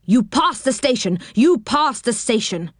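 A woman's voice: mid-range voice, lively intonation, normal speed, no room sound, clean studio sound, close to an everyday voice. A woman voicing an indignant railway guard in a storybook reading, scolding sharply. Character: cross railway guard, grown man.

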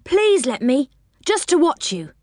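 A small, excitable boy who squeals and pleads, as a woman puts him on. His voice is pitched far above hers and leaps around wildly. The recording is close and dry. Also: unhurried, no echo. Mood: pleading. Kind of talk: storybook reading.

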